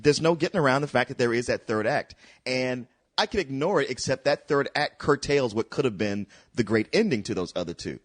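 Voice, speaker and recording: Emphatic, argumentative male film reviewer. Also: medium pitch. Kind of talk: casual chat.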